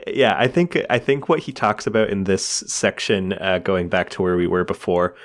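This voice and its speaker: A man's voice: sits low, moderate pace. A man co-hosting a podcast, chatting casually and laughing often between thoughts. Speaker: podcast co-host. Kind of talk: casual chat about comics.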